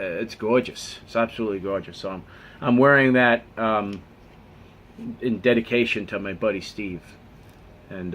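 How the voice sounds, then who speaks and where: A man's voice: lowish voice, fairly bright tone, slight background noise. A man telling a personal story in a casual vlog, earnest and rambling. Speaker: vlogger.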